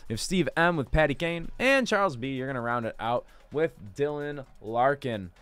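A man's voice: medium pitch, lively intonation, normal speed, a bit bright, smooth, faint music behind. A young man hosting a live card break, chatty and self-deprecating with jokey asides.

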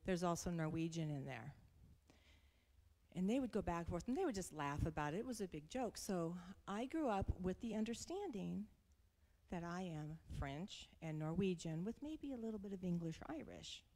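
A middle-aged woman speaking at church, telling a personal story in a sermon with animated, laughing delivery. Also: lowish voice, normal speed, in a large hall.

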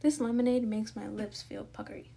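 A woman voicing a mild, easygoing husband who agrees calmly. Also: fairly high pitch, fairly quick, creaky, breathy edge. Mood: placid. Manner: placid and agreeable.

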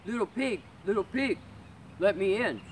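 A woman voicing a greedy big bad male wolf in a storybook reading, loud and drawn-out, huffing her words. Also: mid-range voice, expressive, a little hiss or hum, close to an everyday voice. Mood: menacing.

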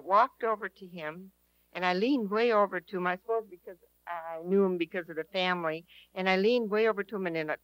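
A woman's voice: lowish voice, a bit bright, dry recording, poor audio. A woman telling a personal testimony to an audience in an earnest, emphatic way, repeating her key phrases. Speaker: speaker at a prayer teaching session.

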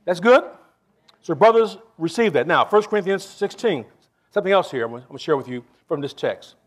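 A male pastor preaching a sermon to his congregation, stressing lines slowly and then rushing through asides, and often asking the room for a response. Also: high-pitched, expressive. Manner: shifts between slow stressed phrases and quick asides.

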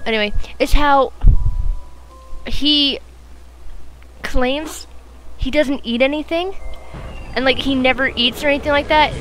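A woman's voice: high-pitched, measured pace, long pauses, a bit bright, faint music behind, low-quality recording. A woman chatting casually over gameplay, telling a rambling, exasperated story full of fillers. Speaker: let's play gamer.

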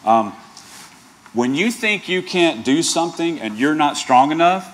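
Preaching man with a higher voice. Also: expressive, a little slow, fairly bright tone. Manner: earnest preaching with playful asides and rhetorical questions. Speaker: pastor. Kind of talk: sermon.

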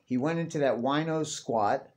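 A man's voice: medium pitch, normal speed, darkish tone, slight background noise. A young man ranting casually to camera, profane and rambling, tacking "dude" onto everything. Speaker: vlogger.

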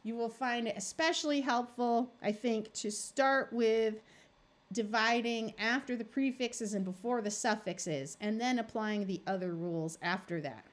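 A woman tutor teaching a phonics lesson, explaining slowly and sounding out words syllable by syllable. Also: a little high. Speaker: reading tutor.

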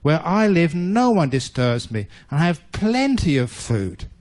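A man's voice: on the high side, very animated, unhurried, a little mellow. A man voicing a big, fat, happy male spider who speaks kindly and generously in a told story. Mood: cheerful. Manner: cheerful and generous.

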